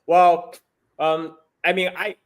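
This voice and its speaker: A man's voice: sits high, level tone, slow. A man giving casual political commentary, ranting with many restarts and repeated words; his is not English. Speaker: guest commentator.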